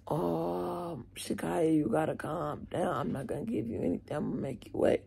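A teenage girl mimicking a soft-spoken adult male school staff member in a quiet, placating way. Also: on the high side, animated, moderate pace, vocal fry, breathy edge, full character voice.

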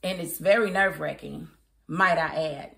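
A woman giving a casual, opinionated spoken review of a TV episode, chatty and quick to laugh. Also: deep voice, gravelly, a bit bright. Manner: chatty and opinionated, laughs often, mimics characters. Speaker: TV show reviewer.

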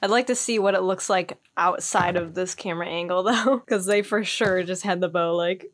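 A woman's voice: fairly low pitch, moderate pace. Giggly woman narrating her gameplay. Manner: chatty, giggly, thinks aloud. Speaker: gaming streamer. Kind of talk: casual let's-play commentary.

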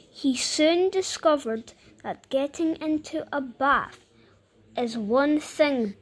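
A woman reading a picture book aloud, breaking off for chatty, playful comments on the pictures. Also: sits high. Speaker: story reader. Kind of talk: casual read-aloud with chatty asides.

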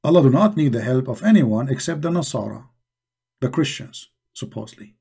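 With a medium-pitched, husky, dark voice full of vocal fry, this debate show host talks a little fast and expressively. He runs a live religious debate stream, mocking opponents and hammering rhetorical questions into a computer microphone.

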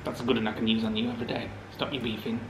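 A man's voice: medium pitch, flat delivery, racing. A man co-hosting a casual vlog, thinking aloud with dry humour. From West Yorkshire. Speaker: vlog co-host. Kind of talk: casual chat. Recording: echoey room with faint noise.

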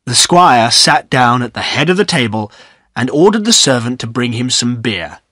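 A man narrating a graded-reader audiobook in a steady, clear storytelling manner. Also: medium pitch, moderate pace, dry recording, clean studio sound.

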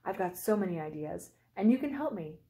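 A woman voicing an eager young girl who dreams of being a writer, in an excited, enthusiastic way, in a storybook read-aloud. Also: lowish voice, a little fast.

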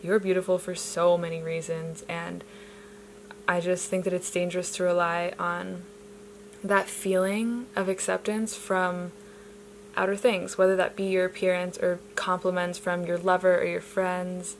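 A young adult woman chatting casually to camera as a vlogger, bubbly and gushing at times, then drifting into soft, reflective musing. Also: on the low side, level tone, measured pace, a little hiss or hum, poor audio. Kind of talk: casual vlog chat.

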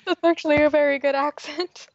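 A woman interviewing casually, teasing and giggling, with deadpan jokes. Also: high voice, a little fast, dry recording. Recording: dry, dull lo-fi sound.

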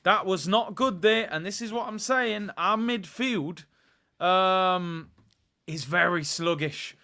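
A young man casually commentating live on a match for his fan channel, chatty and excitable, switching between play-by-play and asides to his viewers. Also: high-pitched, slow, gravelly. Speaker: fan channel host doing a live watchalong.

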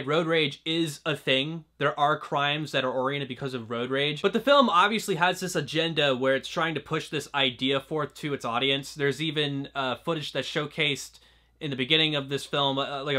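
This young movie reviewer's mid-range voice is bright and forceful as he chats loosely about a film. He fills his talk with "like" and keeps starting sentences over.

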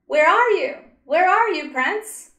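A woman's voice: extremely high pitch, lively intonation, slow pace, pushed and bright, voice pushed up, full character voice. A woman voicing a distraught little girl who cries out in desperation. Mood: frantic. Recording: roomy echo.

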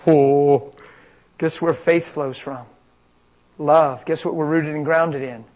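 An American man from Pennsylvania preaching an informal sermon on healing, energetic and conversational, swinging between loud and quiet. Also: fairly high pitch, slow, rough recording. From Pennsylvania, USA. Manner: conversational, energetic, big swings in loudness, plays out dialogue.

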